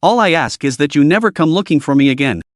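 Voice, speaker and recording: A man's voice: on the high side, animated, fast talker, no echo, studio quality, natural voice. A man voicing a young man who is a blunt, bitter street vendor, reading him in a storybook recap. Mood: sarcastic. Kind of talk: storybook narration.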